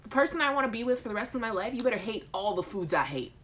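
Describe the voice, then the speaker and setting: A woman hosts a live chat show in a loose, casual way. Her pitch swings widely as she jokes with viewers. She reads their comments aloud and answers them with playful, over-the-top outrage. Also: rapid-fire. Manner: animated, joking, exaggerated outrage; addresses chat viewers by name. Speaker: host.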